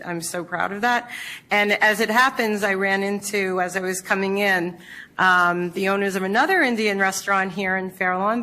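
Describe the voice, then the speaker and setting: A woman's voice: mid-range voice, pushed and bright, rough recording. A woman, the deputy mayor, giving heartfelt, rambling remarks at a council meeting, close to tears. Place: council chamber.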